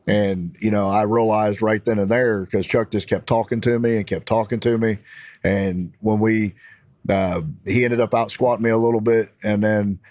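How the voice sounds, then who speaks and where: A man with a Midwestern American accent telling a story in a casual, animated, fired-up way. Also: lowish voice, moderate pace, no echo, clean studio sound. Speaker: podcast guest.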